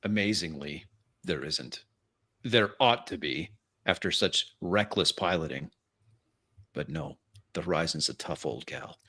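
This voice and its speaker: Man, game master, slow halting narration, bright clear tone. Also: low voice, animated. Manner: halting descriptive narration with fillers. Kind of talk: narrating a tabletop role-play.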